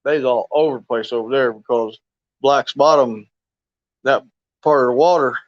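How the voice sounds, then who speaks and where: A man's voice: mid-range voice, moderate pace, no room sound. Folksy male fishing streamer, rambling and chuckly; dry, dull lo-fi audio. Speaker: fishing live stream host. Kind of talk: casual live stream chat.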